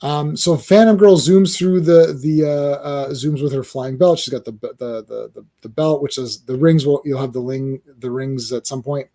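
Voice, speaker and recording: A man's voice: medium pitch, fairly even intonation, moderate pace, hardly any pauses, dark tone. A man hosting a casual comic-book podcast, talking in a rambling, hesitant way with lots of fillers. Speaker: podcast host.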